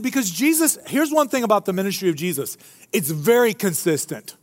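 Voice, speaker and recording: Brisk and animated, a male pastor with a high-sitting voice jokes his way through retelling a scene during a lively sermon. The sound carries the long reverberation of a spacious church hall.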